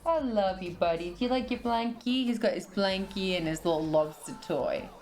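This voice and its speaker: A young British woman, her accent softened by years in America, chatting casually on a livestream and reading out her chat. She giggles a lot, swears freely and coos at her dog. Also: mid-range voice, moderate pace, soft background music. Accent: British, partly American after years in the US. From Britain.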